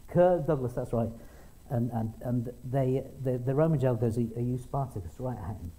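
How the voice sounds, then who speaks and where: A middle-aged man with a mellow, mid-range voice speaks at a moderate pace in a conversational sermon, recorded with poor audio. Storytelling, restarts, and acted-out quotes in small voices run through it.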